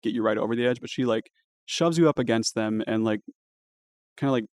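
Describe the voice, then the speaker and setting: A man's voice: medium pitch, brisk, a little mellow, dry recording, studio quality. A man narrating as dungeon master at a live tabletop game, talking casually with lots of fillers.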